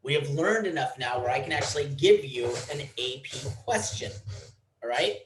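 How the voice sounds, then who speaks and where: A man's voice: mid-range voice, expressive, normal speed, reverberant, background noise. A man teaching a programming class, blunt and teasing, in a classroom. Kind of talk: classroom lecture.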